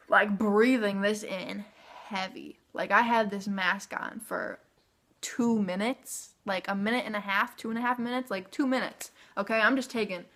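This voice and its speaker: Young woman vlogger, bright tone, casual filler-heavy storytelling. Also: medium pitch. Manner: chatty, filler-heavy "like", animated retelling.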